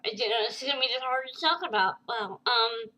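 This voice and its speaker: A woman vlogger telling a personal story to camera, halting and emotional, with many fillers and restarts. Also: on the high side, pushed and bright, poor audio. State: tearful at times.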